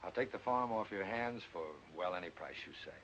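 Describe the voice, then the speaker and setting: An earnest young horse owner, deep-voiced. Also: male voice, animated, fairly quick, fairly bright tone. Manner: earnest, decisive, plain-spoken. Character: earnest young man, heir to a horse farm. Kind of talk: 1940s film acting. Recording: muffled old film soundtrack with faint hiss.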